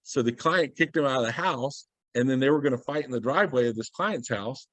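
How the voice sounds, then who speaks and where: A man's voice: medium pitch, a little fast, dry recording. A man speaking as a guest on a video call, telling a story with energy and acting out what people said. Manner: animated storyteller, acts out quoted dialogue.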